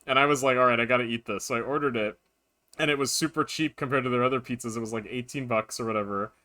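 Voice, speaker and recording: A man streaming a video game live, chatting casually and rambling through animated anecdotes. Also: mid-range voice, quick pace.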